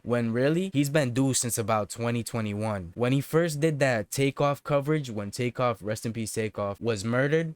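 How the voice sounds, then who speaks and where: A man's voice: medium pitch, clear, resonant tone, no room sound. A man hosting a reaction video, talking conversationally and building to emphatic arguing. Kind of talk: casual reaction commentary.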